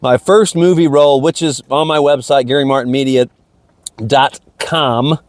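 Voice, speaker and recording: Casual guy podcaster, rambly and repetitive, pep-talk vibe, mid pitch, outside by a lake. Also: steady tone, moderate pace, no room sound. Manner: rambling, repeats himself, motivational. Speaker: podcast host. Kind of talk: casual stream-of-consciousness monologue. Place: outdoors near a lake.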